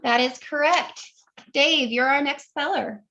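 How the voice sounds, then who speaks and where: High-voiced woman hosting a spelling bee. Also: unhurried, pushed and bright, highs cut off. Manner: polite, apologetic, encouraging. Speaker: spelling bee pronouncer and host. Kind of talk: reading words on a video call.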